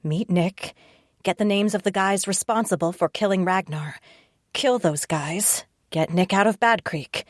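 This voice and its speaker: A woman's voice: medium pitch, unhurried, dry recording. A woman reading a first-person audiobook narration with a tense, wry inner voice, close to a studio mic.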